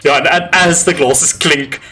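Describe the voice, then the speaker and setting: A man narrating as game master, lively and quick to laugh. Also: a little high.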